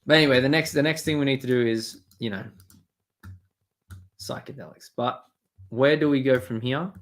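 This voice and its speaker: At a normal speed and medium pitch, a live streamer rambles along, cursing as he reads messages from his chat and responds to them casually.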